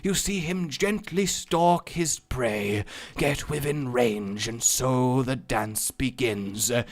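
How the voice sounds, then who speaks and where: A man mimicking a nature documentary narrator, speaking quietly in slow, measured tones. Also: medium pitch. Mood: hushed.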